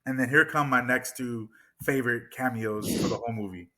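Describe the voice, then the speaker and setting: Man, movie podcast co-host; bright, forceful tone, excited and rambling, swears a lot. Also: mid-range voice, a little fast. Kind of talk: casual movie discussion.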